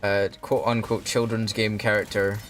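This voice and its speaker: A man's voice: lowish voice, level tone, moderate pace. Ranting young man streaming a game. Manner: swears often, ranting. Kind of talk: casual gameplay commentary. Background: faint background music.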